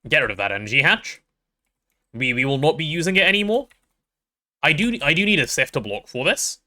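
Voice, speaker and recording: A man's voice: fairly high pitch, expressive, brisk, bright, forceful tone. A young man chatting casually while streaming a game, rambling and playful with self-deprecating stories. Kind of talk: casual gaming stream chat.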